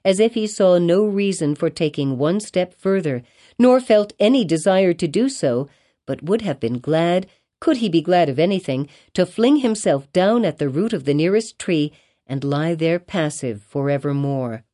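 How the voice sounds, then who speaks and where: A woman reading a classic novel aloud as an audiobook narrator, in a measured, even storytelling delivery. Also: fairly low pitch. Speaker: audiobook reader.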